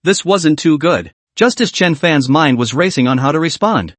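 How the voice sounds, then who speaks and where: Guy narrating a comic recap, animated delivery, dry sound. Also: on the high side, moderate pace, no echo.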